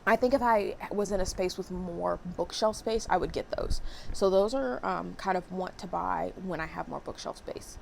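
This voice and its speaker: A young woman vlogging about books in a casual, expressive way, with sarcastic asides and casual swearing. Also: lowish voice, normal speed, gravelly, a little hiss or hum. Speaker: book vlogger. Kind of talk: casual chat.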